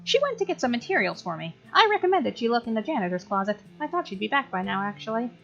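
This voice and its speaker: A woman's voice: on the high side, very animated, quick pace, vocal fry, lo-fi sound, faint music behind, voice pushed up. A woman voicing a nerdy teenage boy who speaks in formal, scientific terms.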